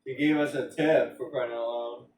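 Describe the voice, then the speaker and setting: A man's voice: medium pitch, fairly even intonation, moderate pace, darkish tone, far from the mic. Rambling man streaming a game, off-mic. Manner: rambling, filler-heavy, joking. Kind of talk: casual gameplay stream chat. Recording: roomy sound, off-mic, faint background hum.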